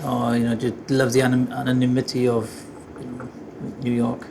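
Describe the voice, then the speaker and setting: A man's voice: mid-range voice, completely flat delivery, fairly quick. A man hosting a casual interview, friendly and teasing as he prompts his guest with questions. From Wales. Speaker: interview host. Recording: noisy background.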